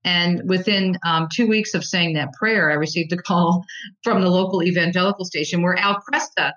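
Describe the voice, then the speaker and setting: An American woman, a Catholic talk show host, telling her story as a guest in a conversational interview, animated and restarting her sentences often. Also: lowish voice, normal speed, highs cut off. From United States. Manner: animated storyteller, repeats words when starting sentences.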